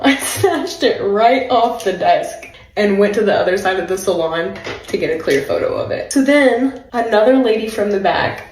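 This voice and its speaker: A woman's voice: fairly high pitch, a little mellow, reverberant, a little hiss or hum, rough recording. A young woman telling a personal story in a casual vlog, chatty and laughing often, with lots of filler words.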